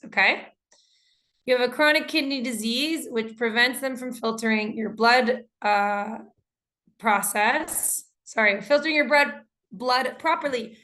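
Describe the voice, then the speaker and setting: Female teacher on a video call, slightly high voice, gives feedback on student answers. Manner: reads student answers aloud and comments warmly on them. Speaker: English teacher. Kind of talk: online class teaching.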